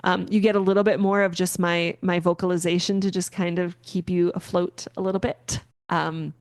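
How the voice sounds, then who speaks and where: A woman hosting a podcast, explaining a meditation in a rambling, filler-heavy, gently encouraging way. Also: fairly low pitch, level tone, moderate pace, dry recording. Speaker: podcast host. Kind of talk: casual spoken explanation.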